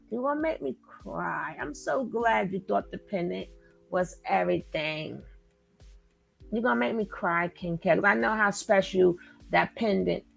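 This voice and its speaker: A woman hosting a live stream, chatting casually and effusively with her viewers and shouting them out by name. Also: mid-range voice, gravelly, low-quality recording. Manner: effusive, talks straight to chat, shouts out viewers. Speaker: livestream host.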